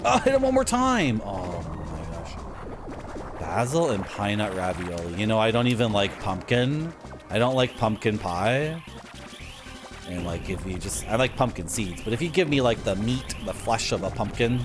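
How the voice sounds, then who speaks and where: A man's voice: on the low side, lively intonation, normal speed. A young man, chatting in a self-mocking way to his viewers while playing a game at home. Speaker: streamer. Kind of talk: casual gameplay commentary. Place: home streaming room with a game shelf. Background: retro game music.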